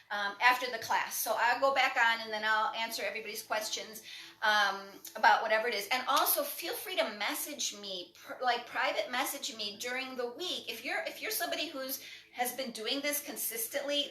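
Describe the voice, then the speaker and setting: Female breath coach, slightly high and bright, warm-hearted live class talk in a roomy space. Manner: encouraging, conversational, lots of "right?". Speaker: breathwork instructor. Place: indoor room, livestream.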